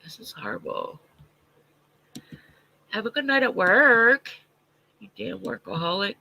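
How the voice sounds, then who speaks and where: A congested man with a stuffy nose chatting on a livestream, answering viewer comments bluntly and with a lot of swearing. His voice is gravelly with plenty of fry, set fairly high for a man and very sharp and tense in tone. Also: expressive, unhurried, poor audio. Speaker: livestream host. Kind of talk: casual livestream chat.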